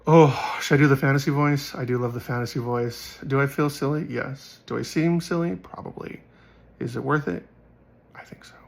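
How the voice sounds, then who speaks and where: A man giving casual Bible teaching in a quick, rambling way with many fillers, hoarse from being sick. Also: medium pitch, fairly even intonation. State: hoarse from sickness.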